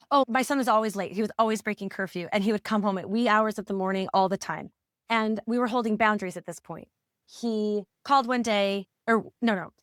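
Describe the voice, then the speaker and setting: Middle-aged mom coach telling her story, pauses and restarts a lot, dry close sound. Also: mid-range voice, no echo. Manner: reflective, halting, with frequent restarts and soft laughs. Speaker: podcast guest, parent coach. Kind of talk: personal storytelling in an interview.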